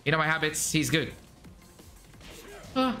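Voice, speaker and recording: Man, streamer, excitable gameplay commentary, bright voice, lively swinging pitch. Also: measured pace, faint music behind. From Saudi Arabia. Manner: excitable, chatty, bursts into shouts and laughs at the game.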